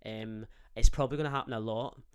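A man's voice: medium pitch, steady tone, quick pace, smooth. Man, podcast host; casual, sweary, rambling, joking.

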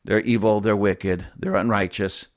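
A man's voice: fairly low pitch, steady tone, moderate pace. A male pastor delivering a fiery, emphatic sermon, mocking and chuckling as he goes.

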